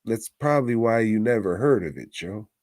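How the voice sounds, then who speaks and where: A man's voice: fairly low pitch, lively intonation, moderate pace, darkish tone, no room sound. A man co-hosting a comedy movie podcast, trading crude, dry wisecracks. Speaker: podcast co-host. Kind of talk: casual comedy movie review.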